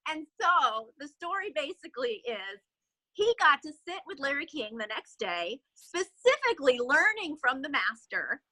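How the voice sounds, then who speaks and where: Woman, sales director, motivational storyteller, animated, dry video-call sound. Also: sits high, normal speed, dry recording, rough recording. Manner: animated, filler-heavy storytelling.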